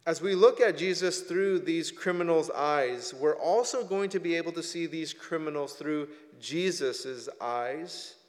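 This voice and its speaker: A male pastor preaching a sermon and reading scripture, reflective and measured, with emphatic rises when he quotes the text. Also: on the high side, long reverb tail.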